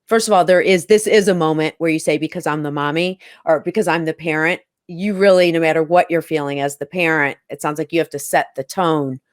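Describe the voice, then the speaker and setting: A woman's voice: sits low, fairly even intonation, brisk, few pauses, no echo, studio quality. A woman hosting a podcast interview, affirming her guest and restating points. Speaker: podcast host.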